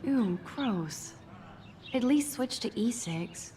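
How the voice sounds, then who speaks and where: A woman's voice: on the high side, lively intonation, takes it slowly, warm tone, a little hiss or hum. An actress voicing a mild, wry teenage girl in a video game, with dry, offhand remarks.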